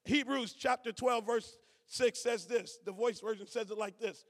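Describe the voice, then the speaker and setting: A man preaching a sermon as pastor, calling to the congregation, swinging from shouts to low asides. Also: a little fast. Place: church sanctuary. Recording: church hall reverb.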